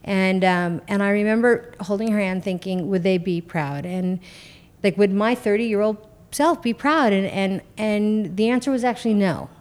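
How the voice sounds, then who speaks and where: A middle-aged woman talks with a blunt, candid edge, swearing freely as she tells her story. Her voice sits at an ordinary pitch for a woman. It is an animated podcast guest conversation. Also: moderate pace.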